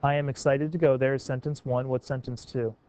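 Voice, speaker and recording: A man's voice: mid-range voice, level tone, a little fast, warm tone, a little hiss or hum, poor audio. A man teaching a class, calling on students by name and coaxing them to try sentence revisions. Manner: encouraging, questioning students by name.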